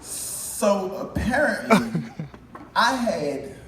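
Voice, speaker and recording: Brief: man, live stage storyteller, a bit high-voiced, halting and self-mocking; roomy hall, distant mic, faint hum. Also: animated.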